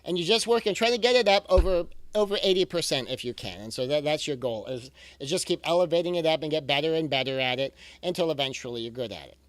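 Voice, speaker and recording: A man's voice: fairly high pitch, fast talker, hardly any pauses, no room sound. A man giving a recorded parenting talk in an earnest, reassuring way, often repeating key phrases for emphasis. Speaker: parenting coach.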